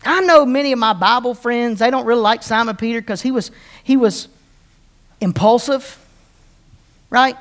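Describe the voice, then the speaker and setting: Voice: mid-range voice, normal speed, long pauses. A pastor preaching a conversational sermon, often repeating words and restarting, and asking the congregation questions.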